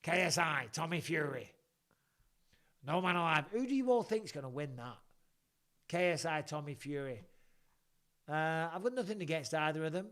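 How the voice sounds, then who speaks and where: Rambling English man, higher voice. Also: expressive, normal speed, fairly bright tone. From England. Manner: swearing, rambling storyteller. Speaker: podcast host. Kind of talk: casual live chat.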